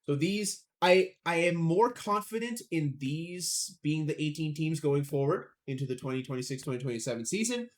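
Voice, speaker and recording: A man's voice: a little high, animated, normal speed, few pauses. A young man co-hosting a casual sports podcast, rambling and joking about his own pronunciation. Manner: chatty, rambling, self-deprecating about pronunciation. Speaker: podcast co-host.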